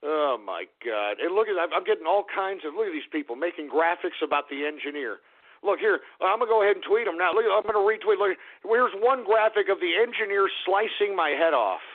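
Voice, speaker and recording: Hoarse, ranting radio host. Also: male voice, sits high, animated, fairly quick. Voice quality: strained, fading voice. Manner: loud, profane and exasperated. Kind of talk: ranting call-in radio talk. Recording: phone-like lo-fi radio audio.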